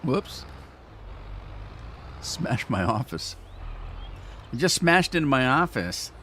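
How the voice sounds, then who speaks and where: A gaming streamer rambles casually and teases himself while playing a farming game on a live stream. His medium-pitched voice is sing-song and slow, with a sharp tone, and there's slight background noise.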